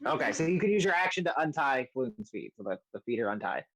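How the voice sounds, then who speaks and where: Male game master narrating a home tabletop session, halting and full of fillers. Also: medium pitch, big pitch swings, a crowd in the background. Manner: hesitant, many fillers and restarts.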